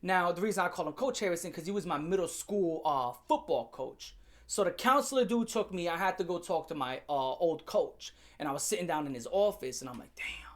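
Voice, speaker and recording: Profane, animated storytelling man. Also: high-pitched, a little fast. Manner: profane, animated, laughs while telling. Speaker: vlogger telling a story. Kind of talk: casual storytime rant.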